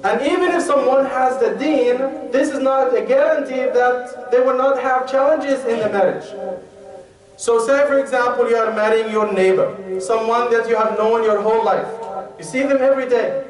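High-voiced preacher in a roomy hall. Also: male voice, far from the mic. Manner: reads Arabic text rapidly then explains in English. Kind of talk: sermon on marriage.

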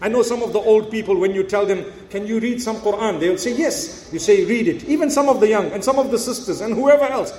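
A man's voice: high-pitched, fairly quick, hardly any pauses, darkish tone, echoey room. A man preaching to a live audience, earnest and encouraging, asking rhetorical questions and urging listeners to recite melodiously. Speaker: Islamic preacher.

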